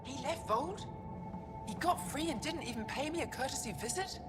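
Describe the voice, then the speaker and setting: A woman's voice: high-pitched, lively intonation, normal speed. An actress playing a blunt, sarcastic woman mechanic who is a mother in a video game. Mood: indignant. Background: game music.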